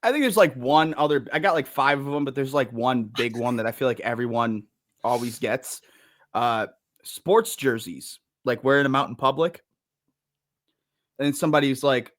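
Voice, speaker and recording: A man chats on a podcast in a relaxed, rambling way, leaning on filler words and laughing easily. His voice sits at an ordinary middle pitch. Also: normal speed. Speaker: podcast co-host. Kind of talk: casual podcast chat.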